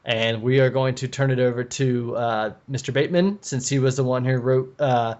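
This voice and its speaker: A man hosting a podcast in relaxed, off-the-cuff banter, loose and profane, with a laugh never far away. His voice sits at an ordinary middle pitch. The audio is dull and low-fidelity, with the highs rolled off. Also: normal speed. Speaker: podcast host.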